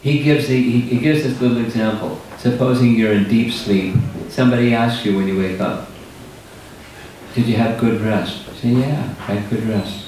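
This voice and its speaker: A man's voice: mid-range voice, fairly even intonation, moderate pace, a little mellow. An older man, a spiritual teacher, explaining ideas in a thoughtful, patient way during a lecture with audience questions. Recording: roomy hall, distant mic, faint noise.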